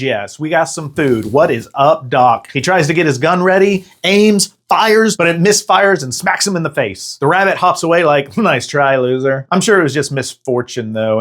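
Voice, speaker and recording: A man hosting a comedic movie recap, narrating the plot with sarcastic jokes. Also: mid-range voice. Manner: sarcastic, jokey. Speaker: host.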